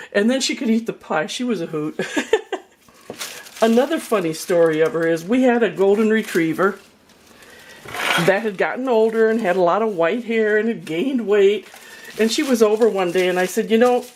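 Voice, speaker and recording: An older woman giving a chatty, folksy cooking demonstration in her home kitchen, with storytelling asides. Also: medium pitch. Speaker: home cook.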